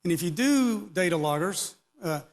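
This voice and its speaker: A man's voice: high-pitched, lively intonation, normal speed. A middle-aged or older man giving a casual, rambling technical talk to an audience, with joking asides. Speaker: conference speaker. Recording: long hall reverb.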